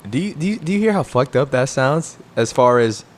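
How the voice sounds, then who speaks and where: A young man co-hosting a podcast in excitable, slangy casual chat, often repeating himself. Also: medium pitch, a little fast. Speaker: podcast co-host.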